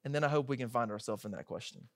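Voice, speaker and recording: A man in his thirties preaching a sermon in a conversational, animated way, acting out quoted voices as he tells the story. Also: mid-range voice, very fast, gravelly, dry recording, clean studio sound. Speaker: pastor.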